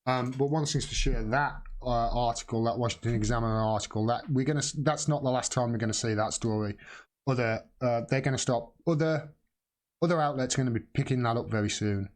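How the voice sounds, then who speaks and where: A man's voice: medium pitch, brisk. A middle-aged man hosting a live political commentary stream, rambling with many restarts and blunt swearing.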